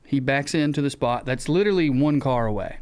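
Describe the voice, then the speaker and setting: A man with a Southern US accent, co-hosting a podcast, who tells a story in casual chat, acting out the shouted lines and swearing freely. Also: mid-range voice, a little fast, clean tone. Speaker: podcast co-host.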